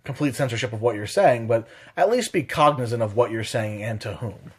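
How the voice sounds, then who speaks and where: A man's voice: mid-range voice, fairly quick, husky. A young man co-hosting a podcast, chatting casually, telling stories in a profane, joking way. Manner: profane, joking, animated storytelling. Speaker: podcast co-host. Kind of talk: casual chat.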